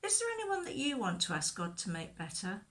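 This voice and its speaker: A woman leading a children's church talk, telling a Bible story in a gentle, expressive way and asking questions, recorded for video. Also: medium pitch, fairly quick.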